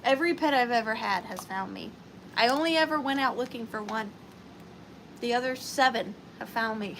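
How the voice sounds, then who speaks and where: A woman's voice: fairly high pitch, moderate pace, fairly bright tone, a little hiss or hum. A woman hosting a live online sale, chatting playfully with viewers and calling them by name. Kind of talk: chatty live-stream selling.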